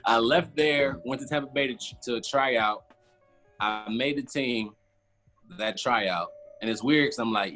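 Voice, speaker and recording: A man's voice: mid-range voice, measured pace, fairly bright tone, soft background music. A man, casually telling a long story as a podcast guest and acting out his own past reactions. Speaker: former football player, guest.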